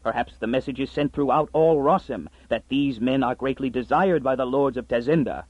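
A man voicing a gruff, scheming old male farmer who blusters and puffs himself up. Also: mid-range voice, moderate pace, no echo, dull audio, lightly acted. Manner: blustering, pompous.

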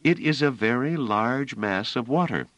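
A man reading an audiobook, voicing a calm, gentle woman in a raised pitch. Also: measured pace, no echo. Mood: soothing. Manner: soothing, gentle. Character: calm gentle adult woman, soothing and firm.

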